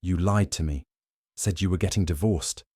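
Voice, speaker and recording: A man's voice: sits low, moderate pace, a little mellow, dry recording, clean studio sound. A man reading a story, voicing a smug, married lover who taunts bluntly. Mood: accusing.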